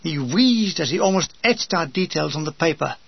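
A man's voice: on the high side, animated, moderate pace, creaky, slightly rough, dry recording, muffled recording. An older man reading his humorous wartime memoir aloud with a dry comic delivery, briefly mimicking his comrades.

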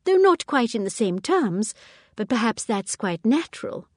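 A woman voicing a gentle, probing elderly lady sleuth. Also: on the high side, big pitch swings, normal speed, no echo, clean studio sound, voice pushed up. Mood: mild, probing. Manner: mild, probing, polite questions. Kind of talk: audiobook character reading.

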